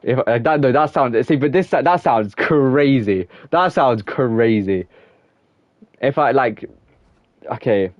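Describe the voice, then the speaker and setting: A man's voice: medium pitch, takes it slowly, dry recording, highs cut off. A young man streaming a game, chatting casually with viewers in a rambling way, filling his talk with "like" and breaking into laughter. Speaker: gaming streamer. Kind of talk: casual live-stream chat while playing.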